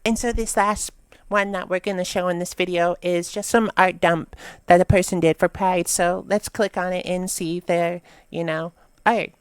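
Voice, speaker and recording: A woman with a lowish, smooth voice hosts a casual reaction video. She reads captions aloud and then riffs on them, chatty and blunt, with plenty of swearing. The sound is dry and close. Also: fairly even intonation, moderate pace, no echo. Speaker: host reacting to memes.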